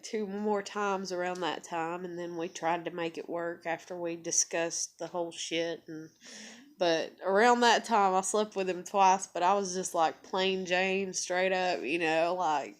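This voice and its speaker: A woman's voice: fairly low pitch, steady tone, unhurried. Candid rambling woman. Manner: rambling, candid, swears freely, many fillers. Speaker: vlogger. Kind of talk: confessional vlog monologue.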